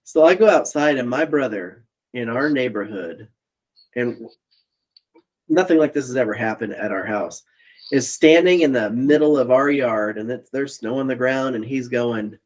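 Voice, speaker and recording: A man's voice: mid-range voice, normal speed, a little mellow. A man co-hosting a podcast over a remote call, telling a family story in casual chat and laughing often. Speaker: podcast co-host. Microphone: remote call mic.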